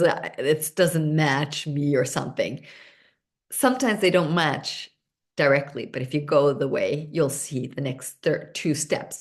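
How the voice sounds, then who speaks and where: On a video call, a seminar host whose native tongue is Swedish speaks English with bubbly intensity. She's lively, and her voice is slightly low.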